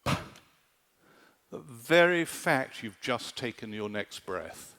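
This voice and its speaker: Animated male preacher in a reverberant hall. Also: medium pitch, very slow, creaky. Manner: animated, rhetorical, keeps asking "do you see?". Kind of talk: sermon. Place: large conference hall at a summer camp.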